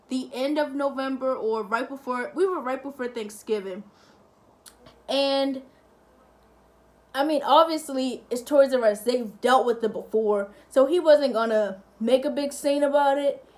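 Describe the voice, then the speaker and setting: A young woman vlogger talks straight to camera in a casual, chatty storytelling way. Her voice sits high, and she acts out the other people as she goes. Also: darkish tone. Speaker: family-channel vlogger.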